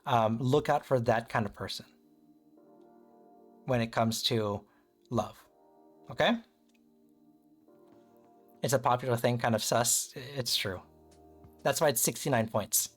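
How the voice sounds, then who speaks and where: A man's voice: medium pitch, measured pace, pauses often, faint music behind. A man giving a casual tarot reading on a livestream, talking loosely and checking in with listeners. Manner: loose and chatty, peppered with "kind of" and "right?". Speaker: tarot reader and streamer.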